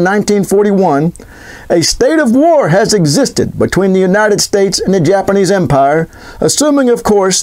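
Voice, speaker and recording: A man putting on a wartime president from the 1940s, reading a war address slowly and stately. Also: high voice.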